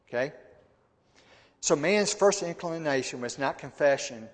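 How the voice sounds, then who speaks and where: A man giving a conversational Bible teaching. He often repeats words and asks his listeners questions. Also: fairly high pitch. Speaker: church teacher. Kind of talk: sermon-style Bible teaching. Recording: long hall reverb.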